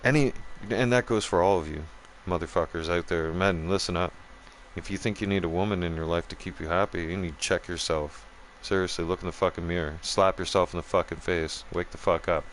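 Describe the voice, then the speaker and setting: This gaming host talks fairly quickly in a low, steady voice with few pauses, swearing as he rants casually to his audience mid-stream. Slight hiss or hum runs underneath.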